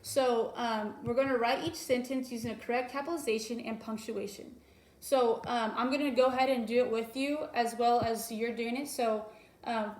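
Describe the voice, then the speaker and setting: A young woman teacher giving a recorded lesson to young children, explaining patiently with frequent ums. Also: a little high. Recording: roomy echo.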